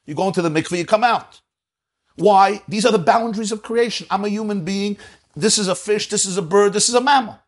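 A man teaching a Torah lecture as a rabbi, animated, swinging between soft asides and emphatic declarations. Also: high-pitched, a little fast.

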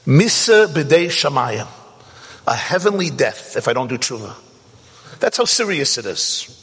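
A man teaching a Torah class, animated and rising to shouts to stress a point. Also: medium pitch, unhurried, breathy edge, long reverb tail. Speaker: rabbi.

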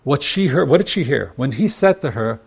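A man's voice: medium pitch, lively intonation, brisk, vocal fry, husky. A man speaking as a marriage counselor, teaching with examples and acting out both spouses' words, often repeating and restarting. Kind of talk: teaching talk with acted-out examples.

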